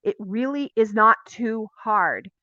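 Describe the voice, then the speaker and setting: A woman teaching a Torah portion in a casual, animated way, acting out dialogue and asking her listeners questions. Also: a little high, takes it slowly, no room sound. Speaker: Bible teacher. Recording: dry, dull lo-fi sound.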